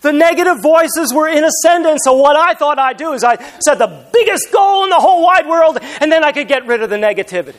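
High-voiced man telling funny sermon stories. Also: animated, brisk, hardly any pauses. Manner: humorous self-deprecating storytelling. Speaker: pastor.

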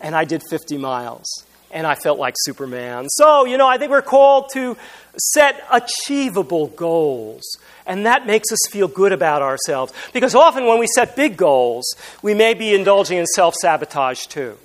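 High-voiced man telling funny sermon stories. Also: very animated, normal speed, a bit bright. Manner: humorous self-deprecating storytelling. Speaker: pastor.

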